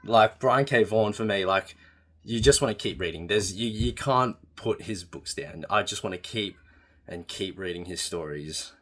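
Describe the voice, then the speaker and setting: Young Australian guy, deep voice, rambly and keen, casual video-journal chat. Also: moderate pace. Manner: rambling, enthusiastic, many fillers and restarts. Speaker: vlogger.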